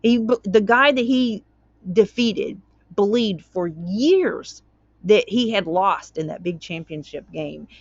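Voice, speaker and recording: A woman's voice: medium pitch, lively intonation, slow pace, no room sound, lo-fi sound. A woman hosting her own channel, reading a court document aloud and commenting on it in a chatty way, tripping over words and wandering into tangents.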